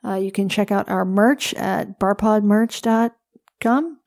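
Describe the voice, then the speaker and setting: A woman's voice: medium pitch, unhurried, darkish tone. Female podcast co-host, mid-range voice, dry, joking delivery, right up on the mic. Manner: wry, blunt, joking. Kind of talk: casual chat. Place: a different room than usual. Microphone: very close to the mic.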